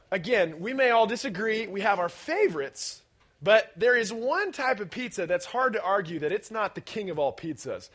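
Bright-voiced man preaching to teens. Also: high-pitched. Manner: animated, playful, shouting at peaks, audience questions. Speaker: youth pastor. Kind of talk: energetic youth-group sermon.

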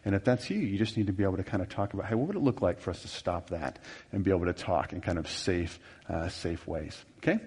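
A man's voice: sits low, lively intonation, quick pace, darkish tone, husky. A middle-aged man teaching a marriage workshop in a folksy, rambling way, with many fillers and self-deprecating asides. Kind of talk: conversational seminar teaching. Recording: reverberant hall.

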